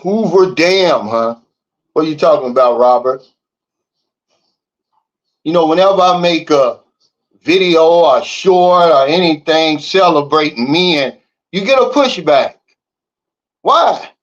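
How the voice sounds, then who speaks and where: A man's voice: fairly high pitch, animated, measured pace, pauses often, highs cut off. A man hosting a livestream, reading the chat and ranting in a blunt, fired-up way. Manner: fired-up, blunt, repeats "Big Dog" and "okay?". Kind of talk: casual livestream talk. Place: living in the Philippines.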